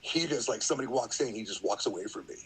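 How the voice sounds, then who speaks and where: A middle-aged man guesting on a podcast tells a story quickly in a fairly low voice, with a crowd audible behind him on a low-quality recording. His delivery is rambling and casual, full of fillers and acted-out quotes.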